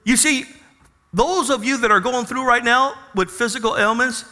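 A man's voice: extremely high pitch, moderate pace, pushed and bright, big-room sound. A man preaching a sermon to his congregation, calling for amens and acting out Bible figures. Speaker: pastor. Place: church.

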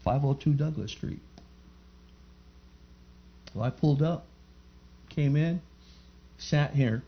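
A man's voice: on the high side, slow pace. A man giving a fervent church testimony, telling his story and rising into emphatic praise before a live gathering. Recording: muffled lo-fi recording.

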